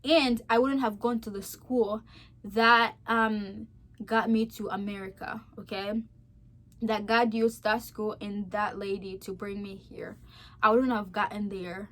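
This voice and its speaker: Speaking at an unhurried pace with a steady, medium-pitched voice, a young woman vlogs her faith testimony. It's emotional and sincere, delivered chattily with lots of fillers, shifting from gentle to emphatic.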